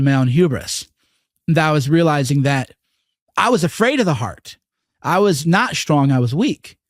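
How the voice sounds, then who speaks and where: A man's voice: fairly high pitch, no room sound. Earnest, profane man, dry studio sound. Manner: earnest, profane, mimics voices in quotes. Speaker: guest. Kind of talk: candid interview conversation.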